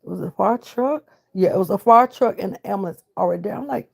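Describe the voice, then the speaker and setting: Gravelly-voiced woman telling a grief story. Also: mid-range voice, fast, darkish tone. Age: middle-aged. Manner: emotional, recounts with reenacted dialogue. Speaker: grieving mother. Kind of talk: personal storytelling.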